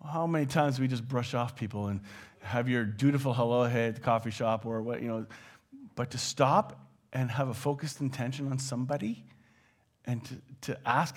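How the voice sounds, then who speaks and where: A man's voice: medium pitch, normal speed. Man preaching a conversational sermon. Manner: conversational, with animated quoted asides. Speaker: pastor.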